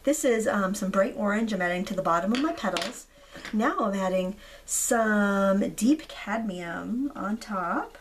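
Craft tutorial host: woman, 30s, slightly hoarse, chatty and relaxed, faint noise behind. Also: medium pitch, measured pace. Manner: chatty, relaxed, frequent ums. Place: indoors at a craft table.

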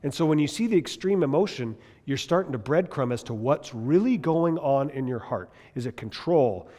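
A man with a fairly high, mellow voice and lively intonation teaches a Bible class at a moderate pace. He speaks emphatically, poses many rhetorical questions, and frequently restarts his sentences, all captured with the long reverb of a hall.

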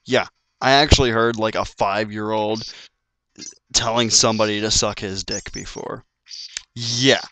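A man's voice: fairly low pitch, fairly even intonation, measured pace, long pauses, pushed and bright, no echo. A man doing gameplay commentary, ranting in frustration and swearing often. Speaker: let's play commentator. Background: faint game music.

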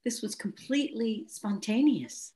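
A woman hosting an interview, gushing with praise and telling animated personal stories in a casual chat. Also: fairly high pitch, unhurried. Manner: effusive, storytelling, gushing praise. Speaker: host.

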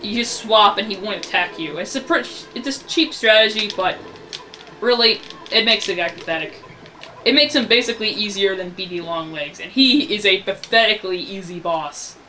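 A man's voice: high voice, normal speed, pushed and bright. Rambling male gamer, noisy recording. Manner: rambling, ranting about the game. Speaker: gameplay commentator. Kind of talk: casual let's-play commentary.

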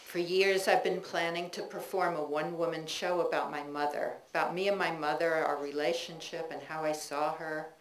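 A woman reading her own personal essays aloud to an audience in a bookstore, measured and reflective, with chatty asides between pieces. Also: low voice, fairly even intonation, a little hiss or hum. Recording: echoey room recording with faint ambience.

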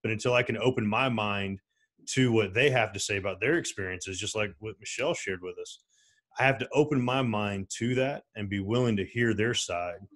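A low-voiced man speaking earnestly on a panel. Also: fairly bright tone. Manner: earnest, measured, reflective. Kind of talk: panel discussion.

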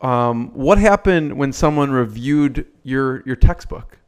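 A man's voice: medium pitch, animated, slow, clean tone. A man hosting an interview, asking casual questions with hesitant fillers. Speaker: host. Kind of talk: interview conversation.

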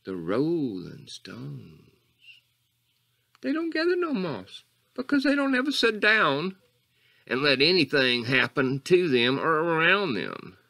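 An eccentric, rambling coach character, played by a man in a comedy monologue. His pitch swings wildly from squeaky highs to low mutters as he wanders off topic. The tone stays bright and pushed throughout. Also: huge pitch swings, slow pace, creaky, heavily acted.

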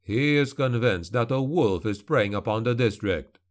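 A man voicing a cold, commanding male witch hunter who speaks slowly and with measured authority. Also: medium pitch, animated, lightly acted. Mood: stern.

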